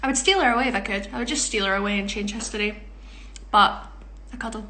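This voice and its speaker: A young woman who performs in musical theatre chats casually during a social media Q&A on her phone, giggling and poking fun at herself. She talks fast in a mid-range voice with a sharp tone, and the room sounds echoey.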